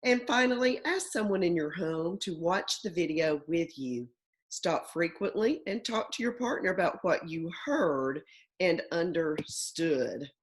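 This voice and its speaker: Slow, lively woman teaching phonics. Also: fairly low pitch. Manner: slow, deliberate, stretching out sounds and words. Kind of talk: phonics lesson for young children. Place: home.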